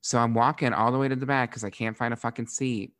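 A young man from Florida, a drag performer hosting a podcast, telling stories in a casual, animated way with frequent swearing and laughter. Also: medium pitch, fast, no echo, clean studio sound. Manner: animated, profane, laughs often. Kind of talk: casual storytelling.

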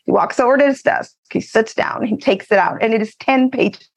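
A woman from Texas, an author, telling a personal story in an animated, laughing way. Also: fairly high pitch, a little fast, vocal fry. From Eagle Pass, Texas. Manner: animated, laughs often while telling stories. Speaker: author and guest. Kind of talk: casual storytelling.

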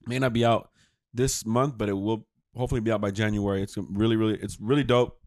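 A man's voice: fairly low pitch, fairly even intonation, fast, darkish tone, no echo, clean studio sound. A man hosting a podcast in casual chat, joking and wrapping up with merch plugs. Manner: laughing, joking, trying voice impressions. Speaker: podcast host.

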